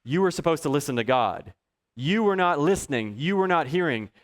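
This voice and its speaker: A pastor with a rather high voice talks fairly quickly as he preaches a sermon. He's a lively storyteller who shares personal anecdotes and chuckles often.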